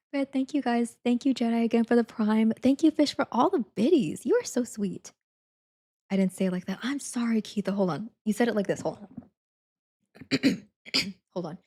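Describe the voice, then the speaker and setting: A woman's voice: on the high side, moderate pace, long pauses, warm tone. A young adult woman chatting casually on a live stream, laughing often, saying "like" a lot and thanking viewers again and again.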